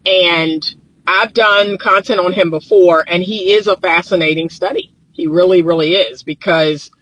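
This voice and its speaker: High-voiced man, groggy morning voice, therapist vlogging outdoors on a phone, emphatic and repetitive. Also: steady tone, unhurried, a bit bright, dry recording, dull audio. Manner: emphatic, repeats points, talks to viewers directly. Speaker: relationship therapist. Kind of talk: casual vlog commentary. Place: outdoors in the sun. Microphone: phone held or propped nearby.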